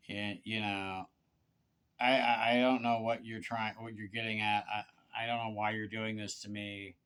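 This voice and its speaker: A man giving a confessional monologue to one person, halting and aggrieved, with stammered restarts and repeated words. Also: on the low side, flat delivery, clean tone. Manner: aggrieved, pleading. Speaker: vlogger.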